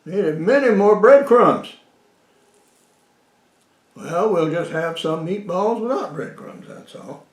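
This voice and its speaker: A man walks through a home cooking demonstration at an unhurried pace, his high voice rising and falling as he talks. He rambles a little and slips in dry jokes. The sound is roomy, with a clear echo off the walls. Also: lively intonation. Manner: slow, rambling, with frequent uh fillers and dry jokes. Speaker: cooking show host. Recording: echoey room.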